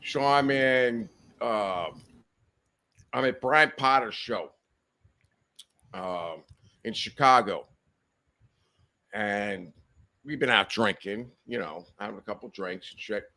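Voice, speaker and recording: A man's voice: lowish voice, slow pace, long pauses, sharp tone. A man casually telling rambling, profane anecdotes on a podcast, laughing as he goes. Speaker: podcast guest telling stories. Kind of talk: casual storytelling chat.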